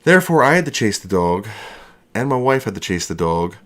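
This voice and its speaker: A man with a fairly low voice talks on a casual livestream, out of breath and rambling. He jokes at his own expense as he chats. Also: big pitch swings, a little fast, a bit bright. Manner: rambling, self-deprecating, jokey. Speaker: livestream host.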